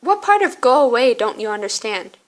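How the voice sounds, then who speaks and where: A hurt young college woman, curt and sarcastic, wanting to be left alone, as a woman reading a story game acts her out. Her voice runs a touch high. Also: animated, moderate pace, a bit bright. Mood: bitter.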